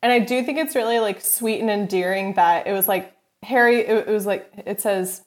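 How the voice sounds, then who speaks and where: A woman's voice: medium pitch, normal speed. A woman co-hosting a casual podcast chat, rambling and filling her sentences with "like". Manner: rambling, heavy use of filler "like". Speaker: podcast co-host.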